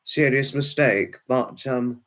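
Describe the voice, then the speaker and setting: A man's voice: medium pitch, slow, a bit bright. A man chatting live to viewers, answering comments in a rambling, fussy way with many restarts and exclamations. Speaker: live streamer. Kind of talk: casual chat answering viewers.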